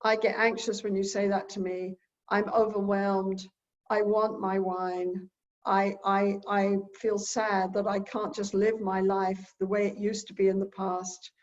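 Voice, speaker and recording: A woman's voice: mid-range voice, flat delivery, unhurried, lightly acted. A woman voicing an anxious, overwhelmed middle-aged husband who halts and repeats himself, in her own voice on a dull, lo-fi recording.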